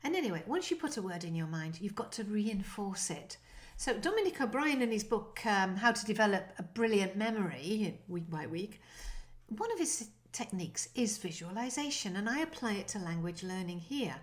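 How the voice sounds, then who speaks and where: A woman teaching an online language lesson, lively and encouraging, demonstrating short French phrases. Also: mid-range voice, normal speed.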